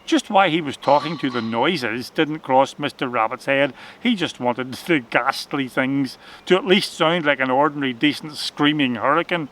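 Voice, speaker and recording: A man reading a children's adventure story aloud in an expressive, dramatic way. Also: medium pitch, moderate pace, hardly any pauses.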